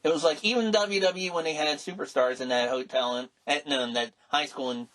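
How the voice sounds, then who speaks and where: A middle-aged man co-hosting a casual podcast, rambling and animated, with many restarts and exclamations. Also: fairly high pitch, a little fast. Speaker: podcast co-host. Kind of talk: casual chat.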